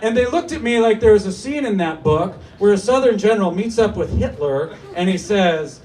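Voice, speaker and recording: A man in his thirties performing a stand-up comedy set in a small cafe, telling stories in a mock-serious, animated way, with laughter behind him. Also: high voice, fairly quick, few pauses, a crowd in the background. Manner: animated, mock-serious storytelling with put-on voices. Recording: distant mic with noisy room. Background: audience laughter.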